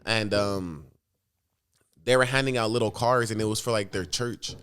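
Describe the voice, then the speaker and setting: A man's voice: fairly low pitch, normal speed, a bit bright, clean tone. A young man rambling through a personal story in a casual vlog, swearing often and jumping between thoughts. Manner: rambling, profane, restless storytelling. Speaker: vlogger.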